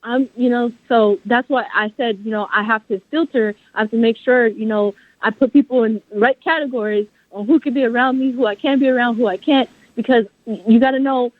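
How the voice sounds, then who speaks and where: Brisk and barely pausing, a woman with a slightly high, steady voice talks as a guest author in a phone interview. Her delivery is passionate and emphatic, driven by faith and firm conviction, and the line sounds dry.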